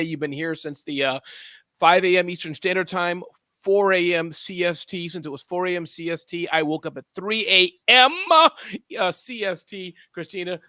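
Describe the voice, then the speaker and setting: An upbeat man hosts a live morning show at a rapid clip. His voice is bright and crisp. The sound is dry and close, with no room around it. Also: fairly high pitch, no room sound. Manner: brisk, upbeat, repeats phrases. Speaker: host. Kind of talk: live stream show hosting.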